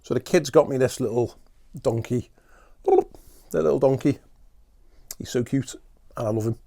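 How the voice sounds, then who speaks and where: A man's voice: mid-range voice, a little slow, gravelly, mellow. A man hosting a podcast, rambling through a chatty, self-mocking solo comic monologue. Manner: talks while eating at times. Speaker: podcast host.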